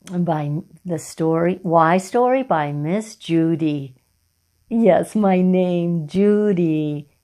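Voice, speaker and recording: A middle-aged woman teaching a children's phonics lesson, talking slowly and clearly and praising the children often. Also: on the low side, darkish tone. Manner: encouraging, slow and clear, with drawn-out words for children.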